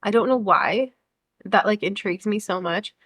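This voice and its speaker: A woman's voice: mid-range voice, moderate pace, a bit bright, breathy edge. A young American woman chatting casually about upcoming books, enthusiastic and talkative, sometimes reading blurbs aloud. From United States. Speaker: book vlogger. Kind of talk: casual chat.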